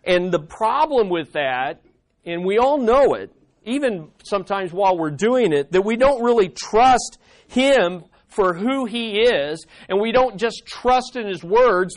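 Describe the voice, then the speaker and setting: Man, pastor, sermon, high voice, animated storyteller. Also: a little slow.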